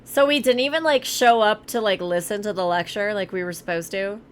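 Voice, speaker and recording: A woman's voice: mid-range voice, fairly quick, clear, resonant tone. A woman reading a visual novel aloud on a stream, with casual, self-mocking asides. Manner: casual, laughs at herself, asides. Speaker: narrator reading a game aloud.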